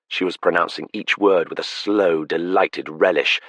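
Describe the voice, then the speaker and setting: A man narrating an audiobook in a steady, measured storytelling voice. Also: low-pitched, slightly rough, no echo. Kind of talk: scripted narration. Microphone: close studio mic. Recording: dry close studio sound.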